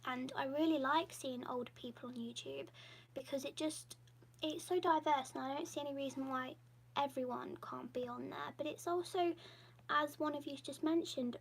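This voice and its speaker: A woman chats on a live-stream Q&A in a soft, half-whispered voice that wanders from thought to thought as she draws. Her voice sits high with a gravelly creak running through it, over a faint hum. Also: low-quality recording. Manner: drawing while she talks. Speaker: YouTuber and artist. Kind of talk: casual live-stream Q&A chat.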